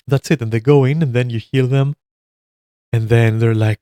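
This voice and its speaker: A man's voice: mid-range voice, a little slow, long pauses, dry recording, studio quality. A man giving heated, profane commentary on online gaming, swearing constantly and mocking people as he goes. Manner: animated and mocking, laughs at his own jokes. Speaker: commentator reacting to a video.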